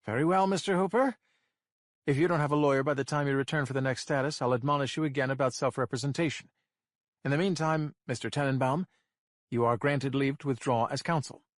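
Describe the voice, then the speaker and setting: A man voicing a tired, impatient female judge who speaks briskly and firmly. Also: medium pitch, no room sound, studio quality, close to an everyday voice. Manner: brisk, firm, no-nonsense.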